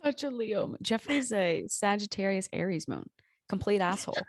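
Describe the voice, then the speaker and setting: A woman hosting a podcast in casual chat. She talks in an animated way, swears freely and laughs often. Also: medium pitch, normal speed, no room sound. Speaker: podcast host.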